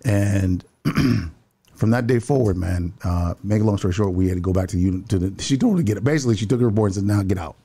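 A building security worker with a lowish, dark-toned voice recounts a story in conversation. He talks fast and earnestly, frequently repeating the opening words of his sentences.

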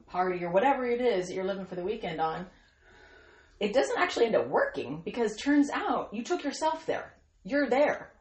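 A woman's voice: lowish voice, roomy sound. A woman hosting a devotional podcast for Christian women, talking in an earnest, encouraging way, with playful asides where she acts out quoted voices.

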